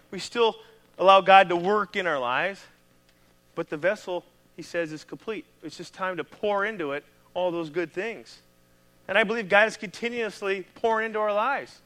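A high-voiced man, a pastor with a Midwestern American accent, preaches in an animated, conversational style.

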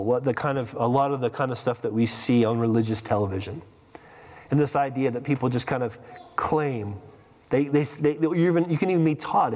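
A man's voice: a little high, darkish tone. A man preaching a sermon as pastor, emphatic, with rhetorical questions and repeated words. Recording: long reverb of a hall.

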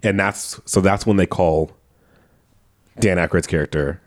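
Guy on a movie podcast, kinda low voice, laughs a lot while recapping, swears casually. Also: steady tone, unhurried. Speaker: podcast co-host. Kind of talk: casual movie-review chat.

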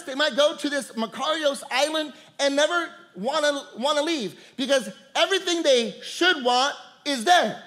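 A man's voice: extremely high pitch, sharp tone. A man preaching a sermon, repeating words and calling out to the congregation, laughing often. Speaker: pastor.

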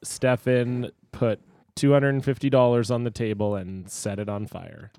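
A man's voice: medium pitch, fairly even intonation, normal speed, vocal fry, a little mellow, dry recording. A man co-hosting a casual sports podcast with dry, contrarian teasing. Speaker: podcast co-host. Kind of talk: casual chat.

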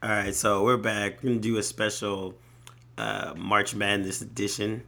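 Gravelly laid-back male podcast host. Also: fairly low pitch, level tone, normal speed, bright, forceful tone, a little hiss or hum. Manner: laid-back, hesitant with many ums. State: a little under the weather. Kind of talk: casual chat.

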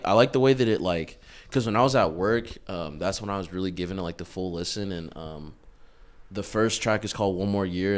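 A young man talks fast in a loose, slang-heavy casual chat. His voice sits very low. He swears freely and laughs easily.

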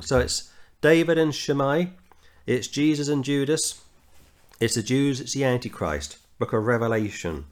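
A middle-aged man from England leads a verse-by-verse Bible study, sharing anecdotes and earnestly reading scripture with rising emphasis. His voice is medium-pitched and his pace measured.

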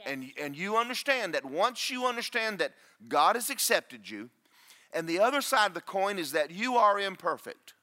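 Pastor, man, booming voice, bright and animated, joking at his own expense. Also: moderate pace. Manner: loud, booming preacher with self-deprecating humor. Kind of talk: sermon. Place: church.

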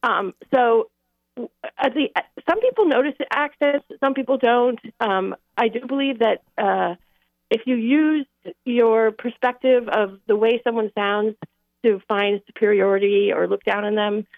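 A woman's voice: on the high side, measured pace, dry recording. A woman calling in to a radio show, talking thoughtfully with many fillers. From Midwest. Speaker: caller. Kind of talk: call-in radio chat. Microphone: telephone. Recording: tinny phone line.

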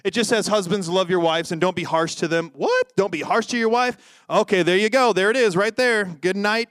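A man preaching a sermon in a lively, joking way, often acting out quoted voices. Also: sits high, fairly quick, clean tone, dry recording. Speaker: pastor.

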